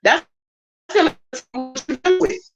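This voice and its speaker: A woman's voice: high voice, measured pace, soft background music. Emphatic woman preaching, lo-fi. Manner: emphatic, repeats phrases, talks directly to the congregation. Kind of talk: sermon.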